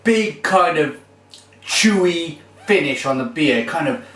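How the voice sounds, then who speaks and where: A man's voice: a little high, lively intonation, takes it slowly, fairly bright tone, slight background noise. A man giving a casual, enthusiastic beer tasting review. He rambles with fillers as he talks. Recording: roomy echo, mic far off.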